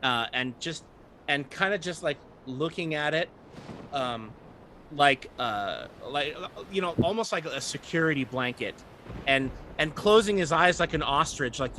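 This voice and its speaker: A man's voice: a little high, expressive, unhurried, pushed and bright, a little hiss or hum. A man narrating as game master in a rambling way with many fillers.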